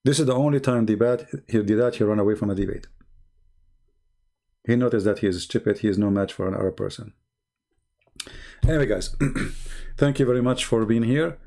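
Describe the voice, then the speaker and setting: A middle-aged man with an Arabic accent and a gravelly, creaky voice chats casually on a livestream. He talks in sarcastic, mocking broken English, and his voice is going hoarse. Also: lowish voice, warm tone. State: losing his voice, coughing. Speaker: host answering viewer questions.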